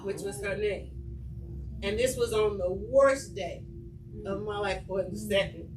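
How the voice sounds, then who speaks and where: A woman on a panel sharing personal memories in an earnest, reflective way, her voice often dropping to a hush. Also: medium pitch, unhurried. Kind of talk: personal storytelling. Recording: echoey room from far off, noisy.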